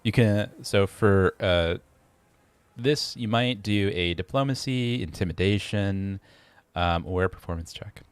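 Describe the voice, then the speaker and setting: A man narrating as game master of a tabletop game, pausing often with fillers and restarting his sentences. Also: fairly low pitch, clear, resonant tone, dry recording. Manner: hesitant, many fillers and restarts.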